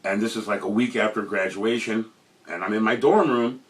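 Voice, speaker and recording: A man, a former bandmate, telling an animated anecdote and acting out the voices of the people in it. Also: on the low side, moderate pace, far from the mic. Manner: acts out quoted voices, loud and lively. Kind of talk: animated storytelling.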